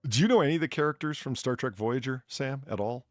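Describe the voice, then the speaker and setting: A man's voice: mid-range voice, fast, no room sound, clean studio sound, soft background music. A man hosting a casual chat, telling stories animatedly and laughing often. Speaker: streamer bartender host.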